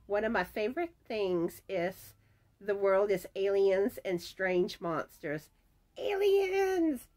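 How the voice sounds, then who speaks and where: A middle-aged woman, chatting at home as she reads viewer comments and announces giveaway winners, often laughing. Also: mid-range voice. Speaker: crochet channel host announcing giveaway winners. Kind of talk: casual chat, reading viewer comments aloud. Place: at home, screen door rattling in the wind.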